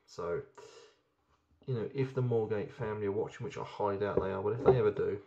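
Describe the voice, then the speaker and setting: A man's voice: on the low side, fairly quick, creaky, mellow, muffled recording. A young man chatting casually and enthusiastically while reviewing beers, rambling with plenty of ums. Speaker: beer reviewer. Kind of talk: casual beer review vlog.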